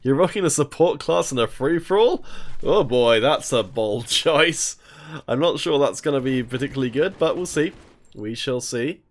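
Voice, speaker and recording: A man's voice: medium pitch, expressive, moderate pace. A man casting an online shooter tournament live, chatting with viewers and reading their messages aloud between plays. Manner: chatty, reads chat aloud and jokes with viewers. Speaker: esports tournament caster. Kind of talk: live game commentary with chat replies.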